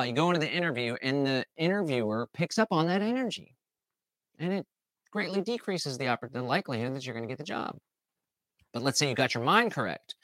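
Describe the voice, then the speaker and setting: Bright, animated man giving a motivational talk. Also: medium pitch, dry recording. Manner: animated, acts out imagined people's lines. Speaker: host.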